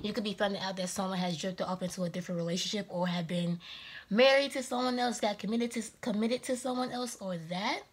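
A woman's voice: mid-range voice, fairly even intonation, fast, husky. Casual female tarot reader, chatty and rambling, a little breathless. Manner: chatty and rambling, laughs often. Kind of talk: casual tarot reading monologue.

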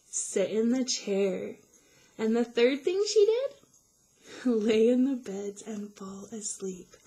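Her voice sitting on the high side, a woman teacher reads a fairy tale aloud to a group of kids. She takes it slow and lively, stopping now and then to quiz them.

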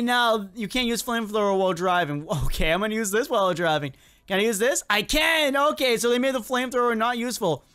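Excitable chatty gaming commentator. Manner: excitable and chatty, talks to game characters; jokey, laughs often, swings pitch up and down. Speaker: gaming video creator. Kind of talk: casual gameplay commentary.

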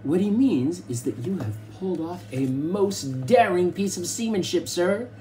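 A proper butler speaks with careful courtesy, as a man reads him. The tone is mellow and measured, each phrase placed with polish. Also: high voice, expressive, faint music behind, voice pushed up. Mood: formal. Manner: polite, precise. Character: formal, clever male butler.

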